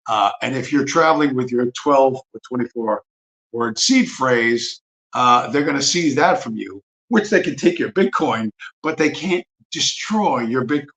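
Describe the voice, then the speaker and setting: A man hosting a casual livestream, with a voice of middling pitch. He rants in a profane, emphatic way, hammering his points home. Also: animated, a little slow, fairly bright tone, rough recording. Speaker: livestream host. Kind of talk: livestream rant.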